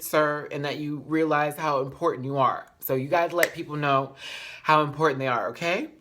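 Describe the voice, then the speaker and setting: A man's voice: fairly high pitch, steady tone, moderate pace, pushed and bright. A man reviewing a reality show in a casual vlog. He talks in a sassy, emphatic way, often says y'all, and speaks openly about his feelings.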